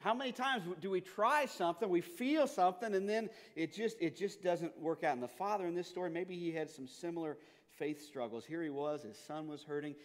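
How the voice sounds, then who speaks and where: A man preaching a sermon, telling stories and moving between quiet, hushed passages and loud, urgent ones. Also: a little high, fairly quick, few pauses. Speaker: pastor. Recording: long hall reverb.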